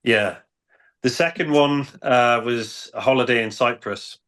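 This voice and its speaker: A man's voice: medium pitch, measured pace, fairly bright tone. A man with a British accent, a dating coach, telling cheeky stories in a matter-of-fact way. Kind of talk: casual storytelling on a panel.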